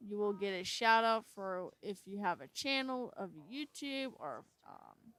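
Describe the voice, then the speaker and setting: A woman hosting a casual storytelling video, halting and stumbling as she reads her notes aloud. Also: medium pitch, expressive, a bit bright, dry recording, poor audio. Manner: many fillers and restarts. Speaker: storytelling channel host. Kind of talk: casual spoken intro to a scary story.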